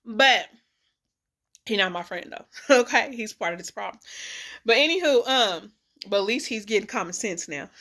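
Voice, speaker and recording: Bright, blunt woman vlogger. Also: mid-range voice, normal speed, long pauses. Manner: blunt and animated, swears freely, addresses viewers directly. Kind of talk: emotional casual monologue to camera.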